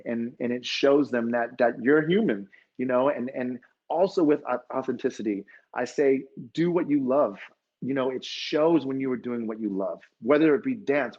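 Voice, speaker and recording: A man's voice: medium pitch, muffled recording. A man, a fitness dance instructor, telling an emotional story at a conference and acting out the dialogue.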